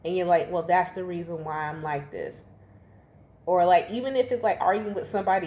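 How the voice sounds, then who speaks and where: Casual female tarot reader, thirties, slightly low voice, slangy asides, faint room ambience. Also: darkish tone, echoey room, slight background noise. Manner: chatty, laughs often, slangy asides.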